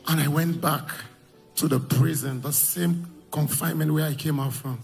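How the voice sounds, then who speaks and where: A man giving an emotional church testimony, telling his story and shouting at the high points. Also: steady tone, normal speed, creaky, soft background music.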